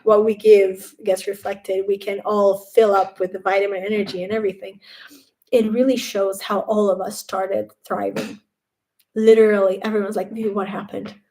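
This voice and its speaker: A young woman on a casual live stream talks from her room at home, her mellow, warm voice wandering from thought to thought. When she quotes other people her delivery turns animated, then settles back into relaxed chat. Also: mid-range voice, normal speed.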